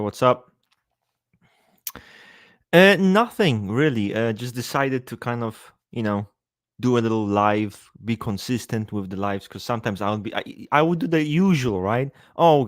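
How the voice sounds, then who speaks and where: A man's voice: on the low side, dry recording, clean studio sound. A man hosting a casual livestream, greeting viewers by name and joking around with a lot of swearing. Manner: profane, joking, reads out viewer names. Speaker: livestream host.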